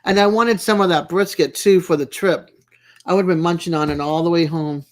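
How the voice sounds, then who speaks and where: A woman's voice: fairly low pitch, a little fast, darkish tone. A woman hosting a casual livestream from home, giggly and teasing as she chats with her viewers by name. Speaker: livestream host. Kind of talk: casual chat with live viewers.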